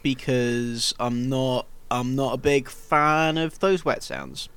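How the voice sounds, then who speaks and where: A man co-hosting a comedy podcast chat in a dry, formal manner. He talks slowly, at a medium pitch. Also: animated, fairly bright tone, clear, resonant tone. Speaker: podcast co-host, editor-in-chief.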